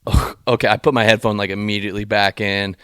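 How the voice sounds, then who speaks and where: A young podcast co-host with a lowish voice talks fast in a clean, echo-free studio recording. Chatting casually, he tells a long story full of free swearing, animatedly acting out what people said.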